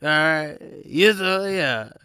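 A man ranting in a blunt, animated, slang-heavy monologue as podcast host, laughing often. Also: on the high side, slow pace, smooth, no echo, studio quality.

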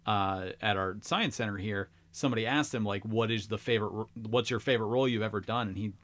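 A man co-hosting a podcast, speaking in a relaxed, casual way. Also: fairly low pitch, fast. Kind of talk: casual chat.

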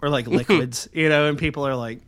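A young man co-hosting a podcast, rambling through profane anecdotes with deadpan asides. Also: fairly high pitch, a little fast, slight background noise. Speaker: podcast co-host. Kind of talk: casual chat.

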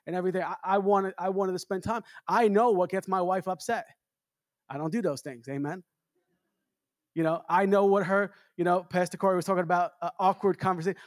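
A traveling minister preaching to a congregation in a chatty, storytelling way, often adding "amen" and restarting phrases. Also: male voice, sits high, dry recording, clean studio sound. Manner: conversational preaching with repeated amens. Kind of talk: sermon.

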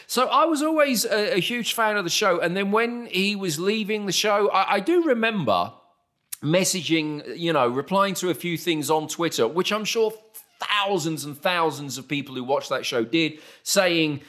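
A man with a Southern British accent, his voice sitting a little high for a man. He chats casually as a podcast host, wandering through self-mocking anecdotes and voicing the people in them. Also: lively intonation, normal speed, a bit bright. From southern England. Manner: rambling, self-mocking anecdotes with acted-out quotes. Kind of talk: casual chat, storytelling.

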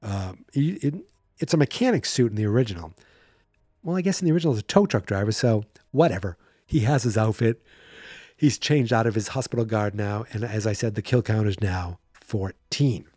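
A man hosting a podcast, casually recapping a film in a chatty, playful way and acting out bits of scenes in quick silly voices. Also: lowish voice, expressive, darkish tone, no echo, clean studio sound. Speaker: podcast host.

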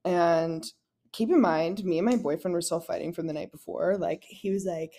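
Woman co-host, low-pitched, chatty storyteller who leans on "like" and quotes people. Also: normal speed, dark tone. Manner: storytelling with lots of "like" and laughter; acts out quoted lines in dialogue. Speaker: podcast co-host. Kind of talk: casual chat.

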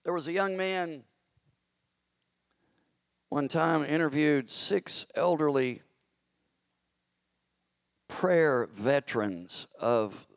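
In a church sanctuary with soft background music, a pastor with a medium-pitched voice stretches out words for emphasis as his fervor builds. The recording is studio quality, with no room sound.

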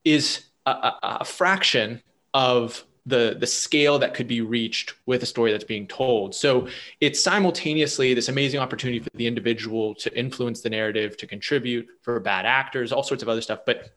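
Male interviewer, lowish-average pitch, long winding questions. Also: normal speed, a bit bright. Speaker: podcast interviewer.

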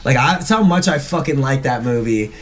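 A man's voice: mid-range voice, lively intonation, a little fast. A young man hosting a casual podcast chat, rambling, profane and often laughing. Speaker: podcast host.

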